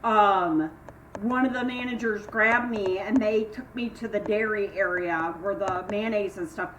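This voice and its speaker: An older woman vlogging from home in casual chat, rambling through stories and acting out what people said. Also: unhurried. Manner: chatty, rambling, acts out quoted voices with sharp jumps in pitch. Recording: echoey room, mic at a distance, faint hiss.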